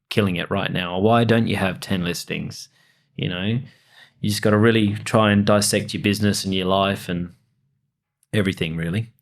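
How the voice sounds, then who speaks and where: A man co-hosting a podcast, giving casual motivational advice to real estate agents. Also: on the low side. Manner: motivational, peppered with "you know" and laughs.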